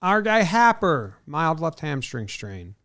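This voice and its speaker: A man's voice: on the high side, very animated, slow pace, fairly bright tone, no room sound, clean studio sound. A man co-hosting a casual sports podcast, reading injury reports aloud and breaking off to joke and comment. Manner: reads news items aloud, then jokes and comments.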